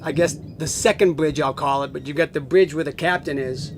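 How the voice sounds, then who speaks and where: Chatty man telling a lively story. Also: on the high side, fairly quick, slight background noise. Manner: animated, acts out quoted voices, laughs often. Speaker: family friend telling stories. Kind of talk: casual storytelling to camera. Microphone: home video camera.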